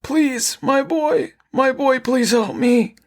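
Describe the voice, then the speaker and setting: Raspy, wailing monster mimicking an old father. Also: takes it slowly, heavily acted. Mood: pleading. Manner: high, wailing and pleading.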